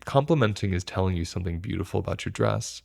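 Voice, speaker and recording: Guy with a low gravelly voice giving an earnest talk to camera, walks through everyday examples. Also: lively intonation, fast talker, a little mellow. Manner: reflective, explains with everyday examples; earnest, speaks from personal experience. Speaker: educator on stress responses.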